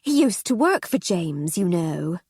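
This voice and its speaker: A woman voicing a domineering, gaudy upper-class wife in her fifties with a shrill, sharp way of talking. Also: sing-song, measured pace, breathy edge, dry recording, clean studio sound, exaggerated voice. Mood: sharp, fussing.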